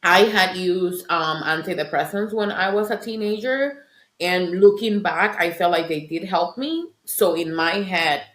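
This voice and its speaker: A woman's voice: on the low side, unhurried. A middle-aged woman, a parent coach, earnestly telling her personal story in conversation and often checking in with "right?". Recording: roomy echo.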